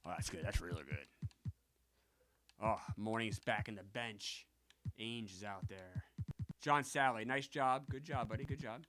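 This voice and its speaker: A man streaming a basketball video game, chatting and bursting into loud yelled celebrations, sometimes out of breath. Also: on the low side, a little slow, pauses often, background noise. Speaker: gaming streamer. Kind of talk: excitable gameplay commentary.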